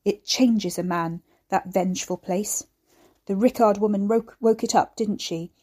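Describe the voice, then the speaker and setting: A woman voicing a frail, bedridden old man who croaks and wheezes and scolds with a sharp tongue. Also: medium pitch, fairly even intonation, measured pace. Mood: urgent.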